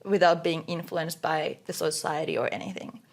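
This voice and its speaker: A woman's voice: low voice, normal speed. A woman co-hosting a podcast in casual chat, musing dreamily and filling her talk with "like". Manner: musing, dreamy, full of "like" fillers. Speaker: podcast co-host.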